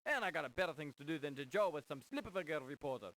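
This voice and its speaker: An actor playing a grumpy, brusque desk sergeant in a 1990s adventure game, with a put-on Scottish-sounding brogue. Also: male voice, a little high, expressive, very fast, a bit bright, dry recording. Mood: dismissive. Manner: brusque, dismissive. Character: gruff grumpy desk sergeant, middle-aged man.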